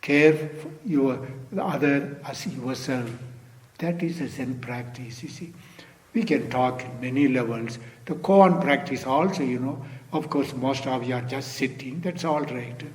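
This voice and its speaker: An older man giving an unhurried Zen dharma talk, often saying "you see". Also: medium pitch, a little mellow, big-room sound. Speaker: Zen teacher.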